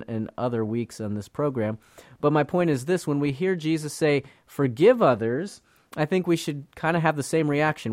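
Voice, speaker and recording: Male Bible program host, mid pitch, earnest conversational teaching, dry close mic. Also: no room sound. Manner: earnest, conversational, frequent fillers and restarts.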